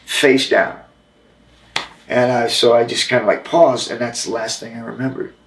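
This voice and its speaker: A man telling a long, halting story as an interview guest, with frequent restarts. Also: mid-range voice, fairly even intonation, a bit bright, echoey room, slight background noise, low-quality recording. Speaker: interview guest, former wrestler.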